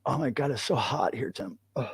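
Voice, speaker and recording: An American man hosting a casual livestream, rambling and animated as he chats with a co-host. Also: medium pitch, fairly quick, slightly rough, dry recording. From United States. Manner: rambling, animated, talks to his cat in a soft baby voice. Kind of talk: casual live-stream chat.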